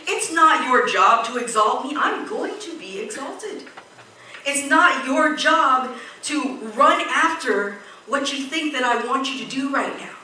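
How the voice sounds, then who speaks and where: Woman pastor, animated sermon delivery, higher voice, recorded in a very echoey hall. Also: unhurried, slight background noise. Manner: animated storytelling with quoted voices. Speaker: preacher. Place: church hall. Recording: echoey church hall, distant mic.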